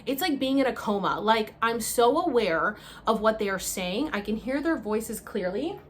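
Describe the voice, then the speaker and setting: A woman vlogger telling a story to camera in a casual, animated way, swearing freely and acting out her own cries and gasps. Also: fairly high pitch, normal speed, a little hiss or hum.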